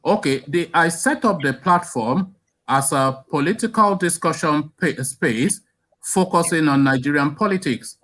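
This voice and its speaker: A man hosting a live call-in discussion, firmly trying to calm and steer a caller. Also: on the high side, a little slow. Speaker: host.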